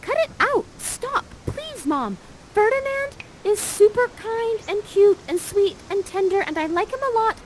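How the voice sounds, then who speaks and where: A woman's voice: very high-pitched, measured pace, a little hiss or hum, voice pushed up, poor audio. A woman voicing Miranda, a lovestruck young girl who gushes in a squealing, swooning voice. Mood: pleading.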